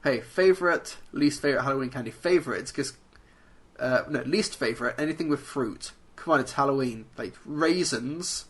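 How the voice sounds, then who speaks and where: A man's voice: medium pitch, normal speed, fairly bright tone, slightly rough. A man from England co-hosting a podcast over a call, dry and teasing as he reads out listener questions. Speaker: podcast co-host. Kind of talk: casual podcast chat. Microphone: remote call.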